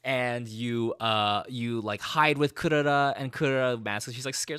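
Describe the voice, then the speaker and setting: A man giving a casual recap of a game he played, an animated storyteller who swears freely. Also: medium pitch, a little slow, hardly any pauses, smooth, no echo, studio quality. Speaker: gaming streamer.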